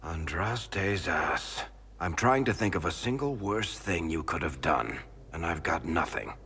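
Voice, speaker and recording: A man voicing a gruff, blunt warrior in a video game, with a dry delivery. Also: low voice, expressive, unhurried, bright, forceful tone, slight background noise, full character voice. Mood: exasperated. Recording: game audio with long reverb and faint ambience.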